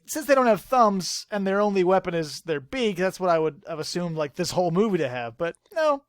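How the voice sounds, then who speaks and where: A man's voice: high-pitched, brisk, no echo, clean studio sound. A man hosting a casual podcast chat, retelling a film with lots of swearing, laughter and acted-out lines. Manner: animated storytelling, swears freely, acts out movie lines. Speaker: podcast host.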